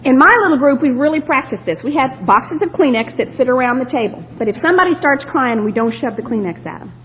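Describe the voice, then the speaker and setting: High, lively woman telling her story. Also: fast, a little hiss or hum. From Texas. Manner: humorous storyteller who laughs often. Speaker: speaker at a recovery meeting. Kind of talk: personal recovery share to a live audience. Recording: lo-fi tape of a talk in a hall.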